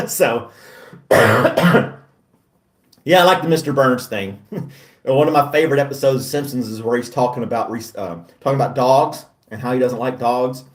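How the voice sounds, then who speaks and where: A man's voice: medium pitch, reverberant, recorded from a distance. A middle-aged man hosting a casual chat, talking in a chatty, self-deprecating way and laughing often. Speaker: host.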